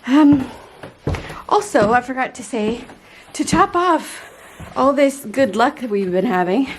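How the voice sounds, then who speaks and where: A woman's voice: high voice, lively intonation, unhurried, slight background noise. A woman in her thirties talking candidly to camera in a casual home vlog, chatting directly to her viewers. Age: 30s. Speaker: vlogger.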